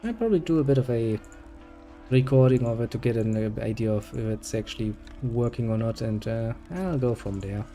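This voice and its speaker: A man's voice: medium pitch, brisk, dark tone, faint music behind. A man hosting a gaming video, chatting casually and joking as he plays, swearing freely. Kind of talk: casual gameplay commentary.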